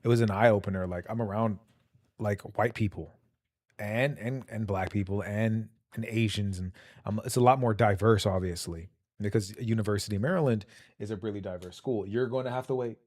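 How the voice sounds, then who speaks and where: Young man, low voice, slangy, rambling storyteller, dry close sound. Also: moderate pace, darkish tone, no echo. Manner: loose, slangy, rambling, laughs often. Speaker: streamer. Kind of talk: casual storytelling stream. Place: home.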